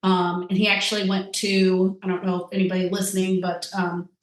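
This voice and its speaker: A woman's voice: lowish voice, level tone, brisk. A woman chatting casually as a podcast guest, rambling with lots of fillers. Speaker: guest, tasting-room wine server. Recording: echoey room.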